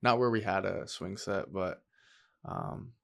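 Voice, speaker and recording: A man's voice: low-pitched, animated, creaky. Emotional podcast host, a man. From upstate New York. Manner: emotional, halting, laughing through tears. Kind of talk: casual chat.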